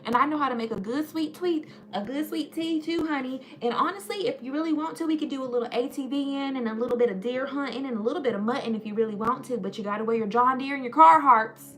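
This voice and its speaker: A woman's voice: high voice, quick pace, hardly any pauses, a bit bright, voice pushed up. A woman voicing a sweet young country girl with a Southern accent who talks in a sugary, folksy way. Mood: bubbly. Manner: sugary, folksy, calls everyone honey.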